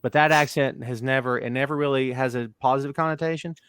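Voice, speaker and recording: A man from North Carolina with a softened Southern accent, hosting a wrestling podcast with blunt opinions and lots of restarts. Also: mid-range voice, quick pace, clear, resonant tone, dry recording, studio quality. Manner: animated, self-interrupting, blunt opinions. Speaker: podcast host. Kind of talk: casual wrestling chat.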